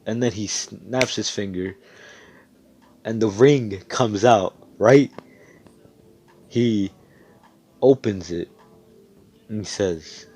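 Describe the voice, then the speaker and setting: Guy with a lowish voice rambling through a fan story, swears constantly, gets hyped, computer mic. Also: a little slow, pauses often. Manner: rambling, profane, excitable. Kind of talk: casual fan-fiction storytelling. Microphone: computer mic on voice chat.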